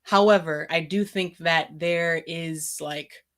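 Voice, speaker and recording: Low-voiced woman musing on a podcast. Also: steady tone, slow, fairly bright tone. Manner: thoughtful, searching, with fillers. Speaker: podcast speaker. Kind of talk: casual podcast conversation.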